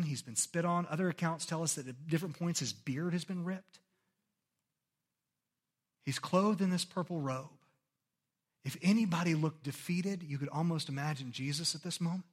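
A man's voice: a little high, moderate pace, breathy edge. A man preaching a sermon as a pastor, earnest and conversational, often checking in with "okay?" and swinging his delivery dramatically when reading scripture.

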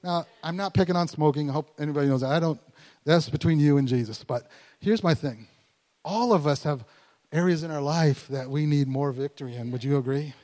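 Animated pastor preaching in a reverberant sanctuary. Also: male voice, fairly high pitch. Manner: conversational and animated, voice rising in bursts; slows down to stress scripture words. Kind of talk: sermon. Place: church sanctuary. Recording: long hall reverb.

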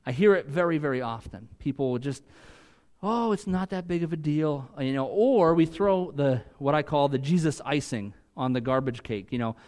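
A man preaching a sermon in a conversational way, moving from loud, emphatic peaks to quiet asides. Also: fairly high pitch, moderate pace. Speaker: pastor.

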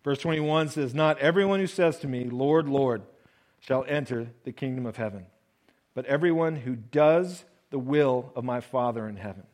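A male pastor giving a sermon in a conversational way, reading verses and then explaining them, often dropping low and soft on key phrases. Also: expressive, moderate pace, low-quality recording. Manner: conversational preaching, reads scripture then explains with acted-out voices.

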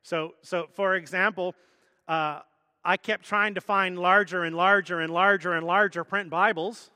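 A man's voice: high-pitched, steady tone, measured pace, bright, forceful tone, no echo, studio quality, long reverb tail. A man preaching a sermon as pastor, teaching in a conversational way with self-deprecating jokes.

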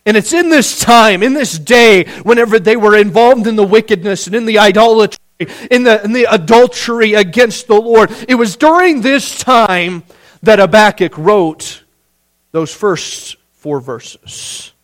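A man's voice: high voice, unhurried. A man preaching a sermon, earnest, often repeating words as he builds a point and voicing pleading prayers.

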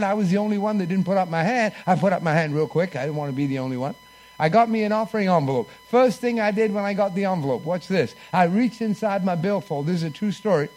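A man's voice: high voice, darkish tone. A man preaching a sermon in church, telling a personal story and leading the congregation in call-and-response.

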